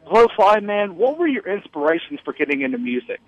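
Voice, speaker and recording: A man's voice: high-pitched, very animated, brisk, no room sound. A man phoning into a radio show, eager and earnest. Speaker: caller. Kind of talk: phone-in call. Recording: muffled phone line.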